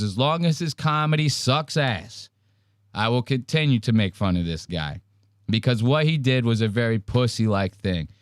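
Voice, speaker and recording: A man hosting a casual commentary podcast, ranting loudly and mocking with a lot of profanity. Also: mid-range voice, clear, resonant tone, no room sound, clean studio sound. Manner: loud, profane, mocking rants. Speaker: podcast host.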